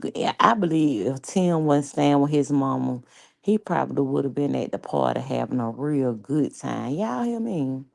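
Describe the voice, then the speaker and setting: A woman with a low, gravelly voice telling a casual storytime. She talks animated and slangy, swears freely and breaks into laughter. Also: moderate pace, poor audio. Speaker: vlogger.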